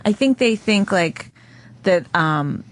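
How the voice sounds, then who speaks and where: A woman's voice: mid-range voice, lively intonation, takes it slowly. A woman co-hosting a podcast, speaking about her stand-up in a hesitant, filler-heavy way. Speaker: podcast co-host, comedian. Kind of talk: casual podcast chat.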